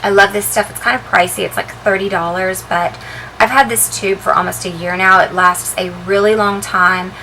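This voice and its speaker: A woman vlogger chatting casually as she shows the contents of her handbag, relaxed and full of ums and uhs. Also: medium pitch, moderate pace, a little hiss or hum, rough recording. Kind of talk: casual show-and-tell vlog.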